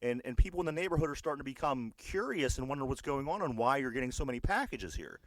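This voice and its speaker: A man's voice: mid-range voice, sing-song, fast talker, dry recording. A man with a Pittsburgh accent voicing an entitled suburban woman neighbor, whiny and indignant, in a dry close recording.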